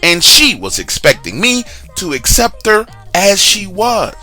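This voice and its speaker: A man telling a true story from his own life in a casual, lively way, speaking straight to the listener with slang asides. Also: high voice, measured pace, soft background music. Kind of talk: casual first-person storytelling.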